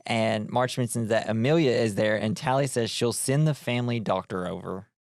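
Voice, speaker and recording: A man's voice: lowish voice, moderate pace, no echo, studio quality. A man co-hosting a podcast, recapping a movie in casual chat, rambling with lots of fillers and frequent laughs. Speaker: podcast co-host.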